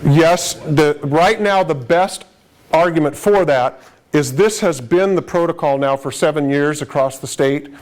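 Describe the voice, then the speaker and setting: A man's voice: fairly high pitch, measured pace. A man giving a conversational live lecture to paramedics, stressing key points with frequent restarts. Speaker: emergency medicine lecturer.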